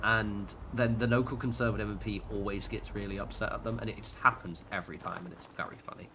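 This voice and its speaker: A man's voice: lowish voice, steady tone, fast talker, sharp tone, slight background noise. A British man chatting casually while livestreaming a game, rambling and sweary, with lots of fillers and restarts. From United Kingdom. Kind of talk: casual gaming livestream chat.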